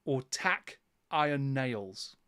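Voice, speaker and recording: A man's voice: medium pitch, animated, takes it slowly, pushed and bright, smooth, no room sound, clean studio sound. A man hosting a casual livestream quiz, playful and teasing, often breaking into laughter. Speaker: quiz host.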